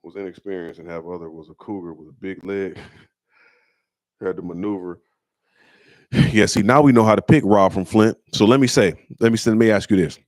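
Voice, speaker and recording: A middle-aged man from Michigan hosting a comedy call-in show. He tells stories in casual slang, acts out the people he quotes in a higher voice, and turns blunt and preachy. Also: fairly even intonation, normal speed, pauses often, darkish tone, dry recording, studio quality. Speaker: comedian host answering listener questions. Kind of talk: casual storytelling chat.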